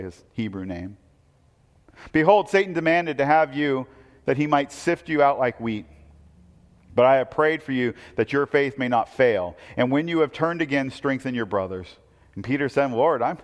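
A man's voice: mid-range voice, expressive, normal speed, big-room sound. A man preaching a conversational sermon, asking rhetorical questions and quoting scripture. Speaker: pastor.

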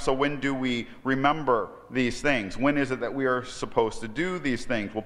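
A man preaching a sermon as pastor, animated, moving from quiet explanation to emphatic outbursts. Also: fairly high pitch. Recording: long reverb of a hall.

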